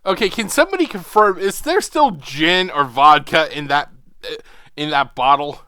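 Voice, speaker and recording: A man's voice: fairly high pitch, animated, normal speed, bright, forceful tone, no room sound, studio quality. A man hosting a reaction video, ranting with profanity and sarcasm. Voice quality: mocking, sarcastic.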